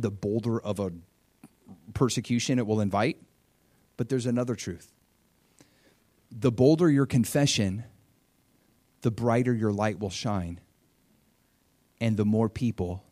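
A man preaching a sermon in a mid-pitched voice, telling the story with animated energy. He swings between loud, raised bursts and hushed, low asides as he acts out the characters. The sound is dry and close, with no room echo. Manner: animated storytelling, acting out quotes with big swings in pitch and loudness. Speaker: pastor.

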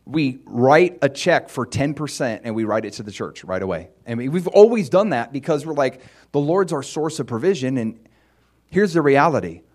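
A man's voice: mid-range voice, sing-song, normal speed, a little mellow. A male pastor preaching a sermon in a conversational, storytelling way.

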